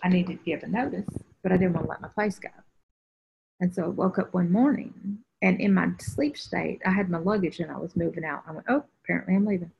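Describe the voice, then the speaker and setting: A woman's voice: lowish voice, fairly quick, creaky, a little hiss or hum. A woman spiritual teacher telling a personal story on a group video call, acting out the voices she quotes. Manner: animated storyteller who acts out quoted voices. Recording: dull lo-fi video call audio.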